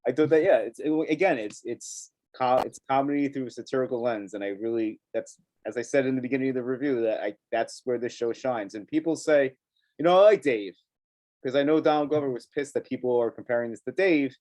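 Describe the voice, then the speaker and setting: A man's voice: medium pitch, fast talker, a little mellow. Chatty male TV review co-host. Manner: chatty and emphatic, laughs often. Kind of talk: casual review chat.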